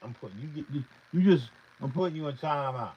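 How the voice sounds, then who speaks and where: A man's voice: mid-range voice, expressive, a little fast, slightly rough, lo-fi sound. A beat producer talking off the cuff to his livestream viewers, swearing heavily and repeating himself as he gets heated. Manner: profane, heated, repetitive, swinging loud and quiet. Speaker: beat producer streaming live. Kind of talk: casual livestream rant to chat.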